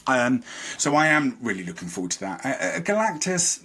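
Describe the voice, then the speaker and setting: A man's voice: mid-range voice, animated, normal speed, bright, forceful tone, slight background noise. A man, a podcast guest, chatting casually and rambling about things he is a fan of. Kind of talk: casual chat.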